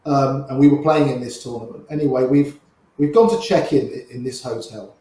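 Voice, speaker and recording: An older man, a poker player, telling old stories in an animated way and quoting people in quick little voices. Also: mid-range voice. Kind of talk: anecdotal storytelling. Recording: very echoey room.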